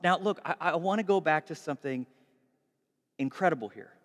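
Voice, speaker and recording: A man preaching a sermon in a conversational, animated way, recorded in a large church hall with long reverb. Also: on the high side, normal speed. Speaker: pastor.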